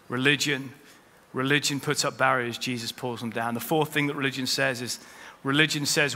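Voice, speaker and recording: Bright-voiced pastor preaching in a reverberant church. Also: male voice, mid-range voice, fairly even intonation, normal speed, few pauses. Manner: preaching with rising emphasis and quoted scripture. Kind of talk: sermon. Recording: long hall reverb.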